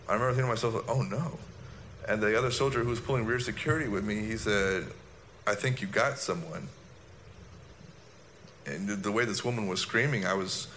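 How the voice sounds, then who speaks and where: Low-voiced man, halting recollection. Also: sharp tone, a little hiss or hum. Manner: halting, reflective storytelling. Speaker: former soldier recounting an incident. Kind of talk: personal recollection monologue.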